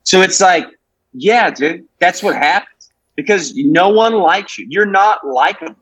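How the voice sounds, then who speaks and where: A comedian, telling rambling, profane stories in a casual podcast chat. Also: male voice, high-pitched, lively intonation, measured pace, a bit bright, breathy edge, dry recording, poor audio. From Alabama. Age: 20s. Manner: profane, brash, rambling with restarts. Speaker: comedian guest.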